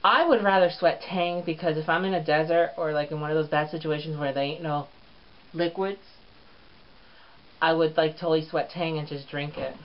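A man's voice: fairly high pitch, steady tone, normal speed. A man hosting his own comedy vlog show, sassy and crude, with lots of swearing. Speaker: show host. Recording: lo-fi dull recording.

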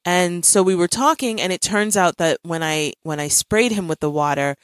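A woman hosting a casual podcast, telling a long story about her kids in a chatty, animated way. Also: fairly low pitch, moderate pace, smooth, no echo. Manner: chatty storyteller, acts out her child's shouts. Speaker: podcast host.

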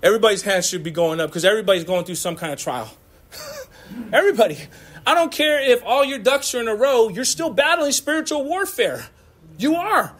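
A man with a high voice preaching from the pulpit in an American church. He talks loosely and with energy, mixing slang and quick laughs into the message. His pitch swings up and down as he drives his points home. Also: lively intonation, fairly bright tone. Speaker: pastor. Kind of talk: sermon.

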